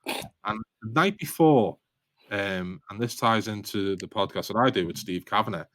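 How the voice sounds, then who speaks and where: A man's voice: fairly low pitch, moderate pace, fairly bright tone. A man with a Liverpool Scouse accent, a guest on a podcast, telling stories in a rambling, self-deprecating way and laughing often. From Liverpool, England. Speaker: guest author. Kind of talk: casual storytelling in a podcast interview.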